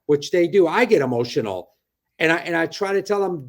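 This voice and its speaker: A man's voice: a little high, expressive, normal speed. A middle-aged man, a real estate broker, chatting animatedly from his office on a video call and tagging his points with "right?". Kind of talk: casual interview talk.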